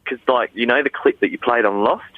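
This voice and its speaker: A man's voice: medium pitch, fast talker, dry recording, phone-quality sound. A man with an Australian accent, guesting as an accent coach on a radio chat show, patiently explaining and laughing often.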